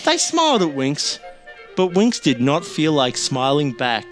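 A man's voice: on the high side, huge pitch swings, measured pace, a bit bright, faint music behind. A man co-hosting a podcast, playful and giggly, reading out a silly comic story. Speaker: podcast co-host.

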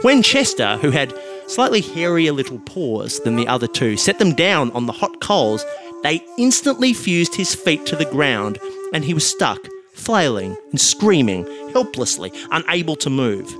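Man reading a comic story, deadpan, animated, with music under the voice. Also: a little high, moderate pace. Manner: deadpan, laughing at his own jokes. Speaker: podcast host and storyteller.

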